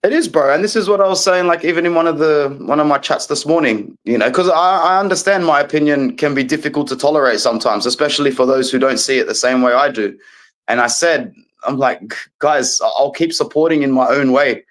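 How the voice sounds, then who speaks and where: A man's voice: on the high side, brisk, poor audio. A man, a guest in a casual football chat, talking with passion and rambling on. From Australia.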